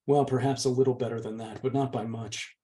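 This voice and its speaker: A man reading aloud, voicing a meek and gentle young woman who pleads softly with her older sister. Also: mid-range voice, fairly even intonation, a little fast, close to an everyday voice. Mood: sad. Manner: soft, pleading. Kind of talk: audiobook reading.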